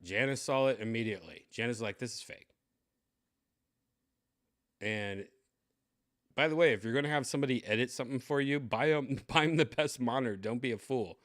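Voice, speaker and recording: A man hosts a live stream and chats casually to his viewers. He rambles in an excitable way and leans on constant fillers. His voice sits at an ordinary middle pitch. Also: quick pace. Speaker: streamer host.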